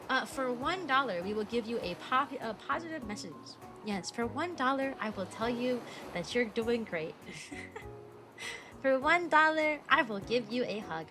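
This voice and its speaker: A young adult woman streaming as a VTuber, rambling through casual chat with giggles and self-deprecating jokes. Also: mid-range voice. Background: background music.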